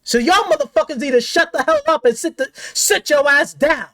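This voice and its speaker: High-pitched woman in a heated rant. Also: expressive, normal speed, a bit bright. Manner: heated, profane, confrontational. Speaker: gaming commentator. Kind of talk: angry rant.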